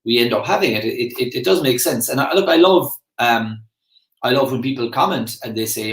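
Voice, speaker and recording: A man's voice: mid-range voice, moderate pace. A man in his forties with an Irish accent, talking in a rambling, chatty way with self-aware asides, in a casual reflective monologue. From Ireland. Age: 40s. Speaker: motivational speaker. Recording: echoey room.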